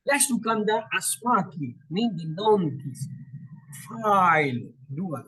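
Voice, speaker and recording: A man teaching Quranic Arabic in a classroom lesson, slowly drilling word patterns and asking questions that he answers himself. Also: high-pitched, very animated, a bit bright, slightly rough, poor audio. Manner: slow, repetitive recitation of word patterns.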